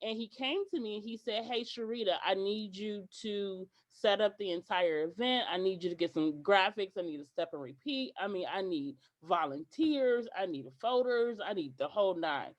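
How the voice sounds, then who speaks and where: A woman guest on a podcast, telling stories in an animated way and acting out what people said, with some hesitant restarts. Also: medium pitch, normal speed, few pauses. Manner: animated, acts out quoted dialogue. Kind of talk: podcast interview storytelling.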